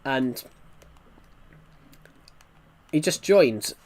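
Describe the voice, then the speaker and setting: Man streamer, casual chat, rambling storytelling, medium-pitched voice. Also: expressive, extremely slow, a little mellow. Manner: rambling storytelling, many restarts. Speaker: gaming streamer. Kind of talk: casual chat while gaming.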